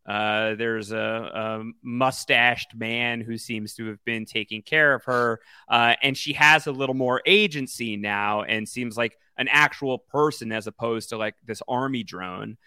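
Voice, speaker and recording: A man co-hosting a podcast, chatting casually about a video game and talking in a halting way with many fillers. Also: mid-range voice, steady tone, sharp tone, smooth, no echo, studio quality. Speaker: podcast co-host.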